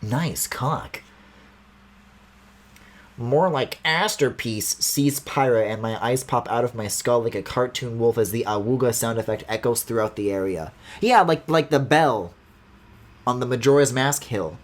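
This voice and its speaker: A man's voice: medium pitch, moderate pace. A man streaming a video game, giving sarcastic, rambling commentary full of swearing. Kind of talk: casual let's-play commentary. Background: faint game music.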